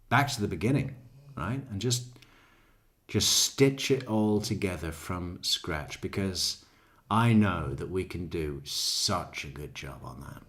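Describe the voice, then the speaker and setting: A male true crime commentator talks slowly and casually, drifting between thoughts. He swears freely and chuckles at his own asides. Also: low-pitched. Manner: profane, rambling, laughs at own jokes. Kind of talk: casual commentary over court footage.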